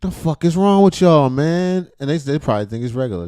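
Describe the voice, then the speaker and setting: A man reacting to a video in a loose, profane running commentary, his voice leaping up and down in pitch as he exclaims and laughs. He sounds close to the mic in a dry, dead space. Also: expressive, brisk, few pauses, clean tone, no room sound. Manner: loud, profane, laughing outbursts. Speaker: reaction streamer.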